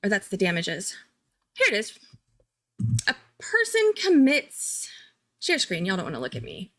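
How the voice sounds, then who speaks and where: A woman hosting a casual live-stream commentary, chatty and excitable, thinking aloud and laughing often. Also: medium pitch, unhurried. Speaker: true-crime commentary host.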